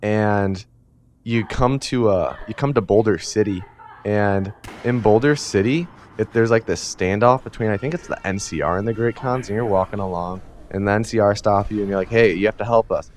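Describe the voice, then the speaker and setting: A low-voiced man rambles through a comedic story from memory, piling on fillers and casual swearing. His delivery is loose and offhand. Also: moderate pace, a little mellow, a little hiss or hum. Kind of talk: rambling comedic recap of a video game from memory.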